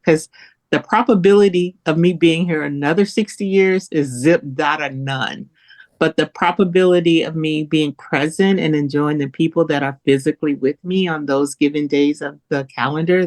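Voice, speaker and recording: An earnest woman in her late fifties talks through her thoughts in an easy podcast conversation. Her voice sits a little low, and she speaks in a reflective, heartfelt way. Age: late 50s. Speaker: podcast panelist. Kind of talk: casual chat.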